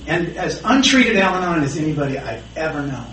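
A man's voice: fairly high pitch, sing-song, fairly quick, few pauses, fairly bright tone, slight background noise. A middle-aged man sharing a candid, self-deprecating personal story at a recovery meeting. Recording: roomy, distant, faint background ambience.

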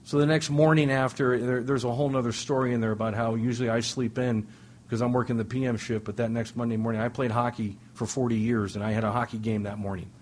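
A man's voice: medium pitch, steady tone, quick pace, a little mellow, a little hiss or hum. A middle-aged man telling a humorous personal story to a recovery meeting, self-deprecating and full of restarts and asides. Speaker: speaker sharing at a recovery meeting.

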